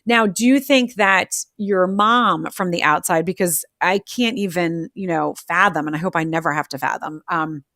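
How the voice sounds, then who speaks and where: A middle-aged woman hosts a conversational interview and tells stories about her family with animated energy. She slips into quoted voices as she goes. The recording is dry, with no room echo. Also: on the low side, moderate pace, few pauses. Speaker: podcast host.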